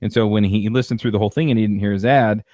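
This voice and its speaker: Man, podcast host, low voice, dry close sound, rambling chat with restarts. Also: fairly even intonation, rapid-fire, a little mellow, no echo. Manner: rambling, many restarts and fillers. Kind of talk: casual chat.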